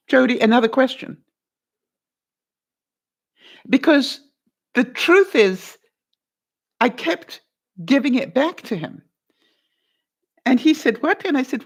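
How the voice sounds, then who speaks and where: An older woman vlogger giving life advice, telling a story in a casual, animated way and acting out both sides of a phone call. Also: high-pitched.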